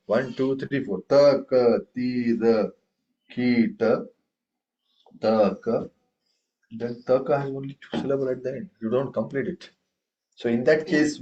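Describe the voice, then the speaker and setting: A male teacher leads a tabla lesson at a medium pitch, chanting rhythm syllables aloud. He stops often to quiz his students. The recording is dull and lo-fi. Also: a little mellow. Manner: recites rhythm syllables aloud and quizzes the class. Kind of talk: classroom lesson.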